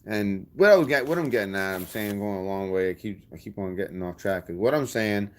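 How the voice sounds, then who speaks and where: A man's voice: lowish voice, brisk. A man, talking straight to his subscribers in a rambling, blunt and defiant way. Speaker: channel host. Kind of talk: casual vlog talk to subscribers.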